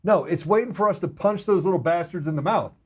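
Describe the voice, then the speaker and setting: A man's voice: high-pitched, quick pace, husky. A man talking as a podcast guest in casual chat, blunt and heated, with some swearing.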